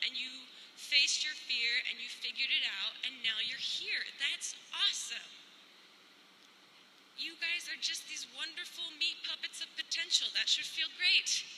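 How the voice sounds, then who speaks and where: A young woman delivers a commencement address with a high, very bright and piercing voice. She keeps it comic and self-deprecating, poking fun at herself between encouragements. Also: a little hiss or hum, low-quality recording. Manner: playful, self-deprecating humor. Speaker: commencement speaker. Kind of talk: comedic commencement speech.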